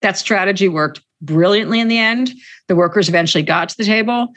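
A woman's voice: mid-range voice, fairly quick, a bit bright. Emphatic woman union organizer. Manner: emphatic, repeats key points. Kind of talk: interview answers.

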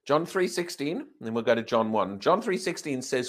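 A man preaching a sermon at a church service, animated and firing questions at the congregation. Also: mid-range voice, brisk, few pauses.

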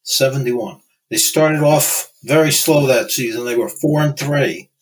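A man co-hosting a sports history podcast in a measured, conversational way, often saying "you know". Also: medium pitch, a little hiss or hum, rough recording. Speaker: podcast co-host. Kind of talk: casual sports chat.

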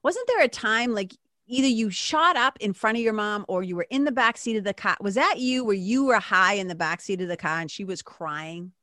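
A woman's voice: medium pitch, expressive, fairly quick, sharp tone, no echo, clean studio sound. A woman interviewing a guest in a casual conversation. She talks chattily and fills her sentences with "like". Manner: chatty, leans heavily on "like".

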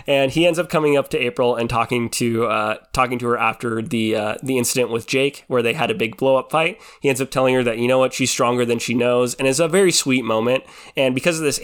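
Chatty young man rambling with laughs. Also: medium pitch. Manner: chatty, rambling, heavy on filler words like "like" and "you know"; laughs often while talking. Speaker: reality TV recap vlogger. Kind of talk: casual chat.

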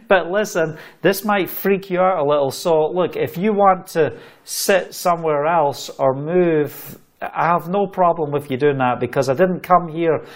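A Scottish man from Scotland, a travelling preacher, telling a testimony with animated storytelling, laughing between phrases. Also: fairly high pitch, measured pace.

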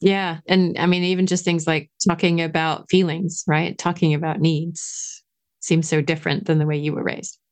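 A woman's voice: low voice, level tone, normal speed. A woman, a parenting coach hosting a podcast, asking curious, steering questions in casual conversation. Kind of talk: conversational interview.

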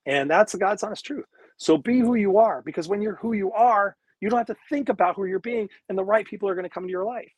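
A raised, husky male voice delivers a motivational coach's live-streamed talk. He swears freely and hammers his points home with preachy repetition. The sound is dry and close, picked up by wireless earbuds. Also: high-pitched, fast, no echo. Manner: emphatic, profane, preachy repetition.

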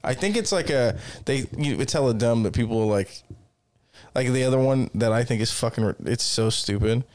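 A man's voice: mid-range voice, moderate pace, darkish tone. A man co-hosting a casual chat podcast, blunt and profane with a joking manner. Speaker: podcast co-host.

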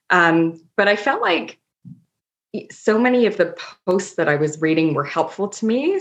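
A middle-aged woman, a family doctor, chatting in an interview and telling funny stories about herself with frequent laughs. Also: deep voice. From Canada. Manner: laughing, self-mocking storyteller. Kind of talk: casual interview chat. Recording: dull lo-fi audio.

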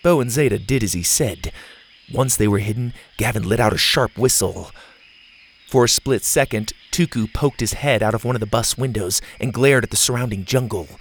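A man narrating a children's adventure story with an animated, expressive reading. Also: medium pitch, normal speed, breathy edge.

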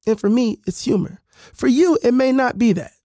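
Fields: Sex: man. Role: podcast host and author. Style: casual storytelling monologue. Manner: animated, rambling, full of fillers. Sound: dry, close-mic'd. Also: extremely high pitch, moderate pace, no echo. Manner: animated, conversational, many fillers and restarts.

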